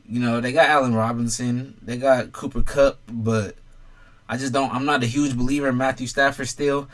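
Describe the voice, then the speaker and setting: A man's voice: medium pitch, a bit bright. A young man in a casual sports vlog, ranking players bluntly with lots of swearing and talking straight to the fans. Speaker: sports commentator ranking quarterbacks.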